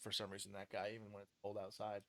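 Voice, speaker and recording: A man in his thirties hosting a casual chat, telling stories in an animated way, laughing and swearing freely. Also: on the low side, fast talker, gravelly, dry recording. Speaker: podcast host.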